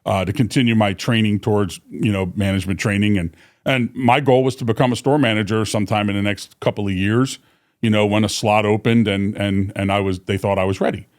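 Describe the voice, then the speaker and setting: A man's voice: lowish voice, fairly quick. Man telling work stories, lots of "uh". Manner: rambling, many fillers and restarts, animated when quoting. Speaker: guest, company vice president. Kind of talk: casual storytelling in a podcast interview.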